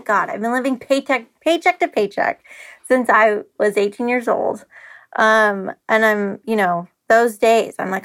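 A woman's voice: fairly high pitch, a little slow, fairly bright tone. A woman talking candidly as a podcast guest, open and emotional, rambling with restarts and the odd curse. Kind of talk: candid casual chat.

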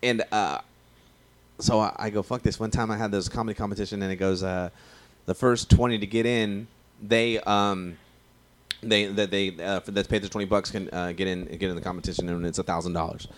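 Give me a man, a stand-up comedian chatting on a podcast. His voice sits very low and deep. He talks in slang, swears freely and rambles from one story to the next. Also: steady tone, fairly quick. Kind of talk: casual podcast chat.

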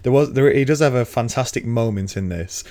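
Relaxed man recapping a book. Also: mid-range voice, a little fast. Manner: relaxed, chuckling, recaps the plot. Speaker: podcast co-host. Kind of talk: casual book discussion podcast.

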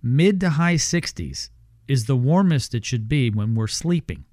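Radio host with a dry studio sound. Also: male voice, medium pitch, expressive, a little slow, a little mellow, no echo. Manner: conversational, reads call-to-action promos. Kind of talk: radio talk show hosting.

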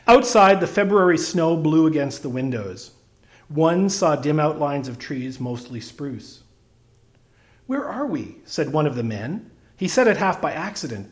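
Lively male storybook reader. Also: a little high, moderate pace. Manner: expressive, wry, lively delivery. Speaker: narrator. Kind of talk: storybook reading.

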